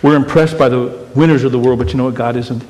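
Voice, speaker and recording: A man preaching a sermon as pastor, conversational and teasing, swinging between loud emphatic bursts and hushed quiet lines. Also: mid-range voice, fairly even intonation, fast talker, big-room sound. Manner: conversational and teasing, with rhetorical questions.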